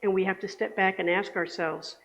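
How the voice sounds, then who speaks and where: A woman's voice: mid-range voice, fairly even intonation, brisk, a bit bright. A woman giving a conversational sermon in a church, often checking in with the congregation. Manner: chatty, asks the congregation for agreement. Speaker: speaker giving the Sunday message. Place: church sanctuary. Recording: echoey hall, dull lo-fi sound.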